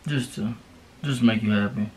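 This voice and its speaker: A man's voice: fairly low pitch, moderate pace, a little mellow, a little hiss or hum. A young man co-hosting a casual couple challenge video, slangy and profane, coaxing and reassuring his partner. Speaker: vlogger co-host.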